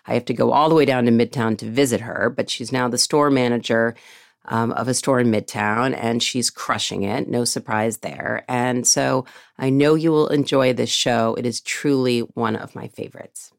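A woman's voice: rumbling low, no echo, clean studio sound. A middle-aged woman from the United States hosting a podcast, telling a story in an upbeat way. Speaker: podcast host.

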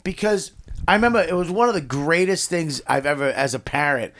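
A man's voice: on the high side, animated, a little fast, a bit bright. A man in casual chat, talking bluntly and swearing freely. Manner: blunt, profane, emphatic.

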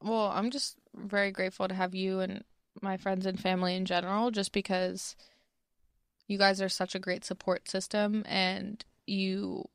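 Chatty young woman with a creaky voice. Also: mid-range voice, flat delivery, normal speed, no echo, studio quality. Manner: chatty, filler-heavy, self-conscious. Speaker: podcast co-host. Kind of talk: casual chat.

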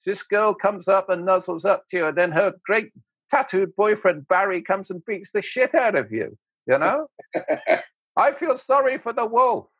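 A man, an interview guest, telling anecdotes in an animated way, laughing often and acting out voices. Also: sits high, a little slow, slightly rough, dry recording, dull audio. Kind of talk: anecdotal storytelling.

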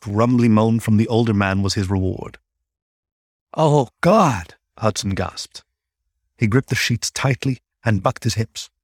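A man narrating a scripted story at a calm, even storytelling pace. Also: on the low side, no echo, clean studio sound.

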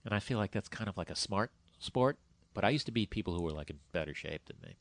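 A man hosting a podcast, relaxed and curious, asking lots of questions. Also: fairly low pitch, quick pace. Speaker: podcast host. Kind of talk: casual chat.

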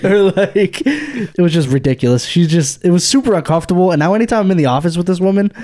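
Lively young man telling work stories. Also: high-pitched, quick pace. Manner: storytelling with many "like" fillers and laughter. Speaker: podcast co-host, physical therapist. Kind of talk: casual chat.

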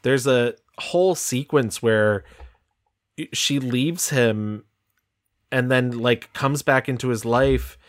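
A man's voice: medium pitch, slow pace. A man co-hosting a film review podcast, talking in a dry, analytical way. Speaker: podcast co-host. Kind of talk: casual film review chat.

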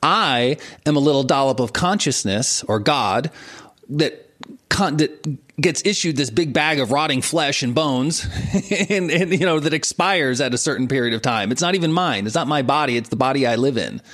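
A man in his forties, a guest on an interview show, teaching with lively examples and frequent laughter. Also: mid-range voice, normal speed. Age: 40s. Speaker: martial arts and meditation teacher, guest. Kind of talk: explanatory interview talk.

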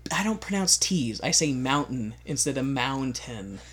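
A man's voice: a little high, expressive, brisk, fairly bright tone. A man from Utah hosting a casual podcast chat, goofy and joking. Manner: goofy, jokey, drops into silly voices. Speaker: podcast host.

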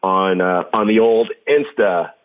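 A man's voice: low-pitched, a little slow, narrow, tinny audio. A man chatting as a guest on a podcast, telling stories with lots of laughter. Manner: animated storyteller, laughs often. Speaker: podcast guest, professional drummer. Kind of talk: casual interview chat.

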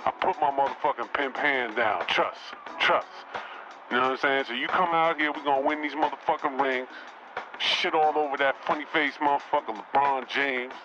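A man's voice: medium pitch, fairly even intonation, moderate pace, close to an everyday voice. A man voicing a brash, profane parody of a basketball star, bragging and rambling in heavy street slang. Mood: boastful. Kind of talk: comedy sketch impression. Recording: muffled recording over loud music.

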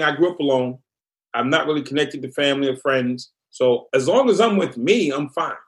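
A man from Massachusetts, a former prisoner, telling his story bluntly in an interview. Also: high voice.

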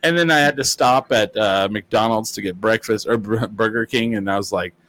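A man's voice: lowish voice, moderate pace, fairly bright tone. A man telling a rambling, laughing story in casual chat, swearing freely.

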